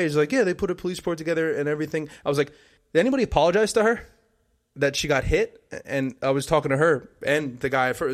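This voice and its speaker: A young man from New Jersey, co-hosting a podcast and telling a story in a loose, profane, animated way. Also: mid-range voice. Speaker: podcast co-host. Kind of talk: casual chat.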